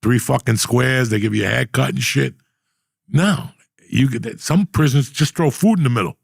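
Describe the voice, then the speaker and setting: Casting: middle-aged male podcast host, gravelly and husky, swearing storyteller, dry close sound. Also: medium pitch, moderate pace, dry recording. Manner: profane, rambling storyteller. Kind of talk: casual storytelling chat.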